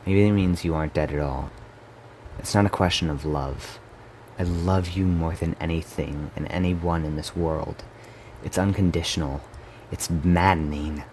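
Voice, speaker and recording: Very deep-voiced man reading quietly. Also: fairly even intonation, moderate pace, a little hiss or hum. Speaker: story reader. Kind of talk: dramatic reading of a story game.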